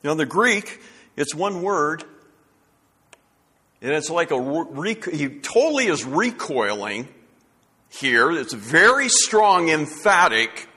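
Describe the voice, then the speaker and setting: Slow, emphatic preacher in a reverberant hall. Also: male voice, fairly high pitch, sing-song, pushed and bright, breathy edge. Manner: earnest, emphatic, restarts phrases while building points. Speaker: pastor. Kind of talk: sermon.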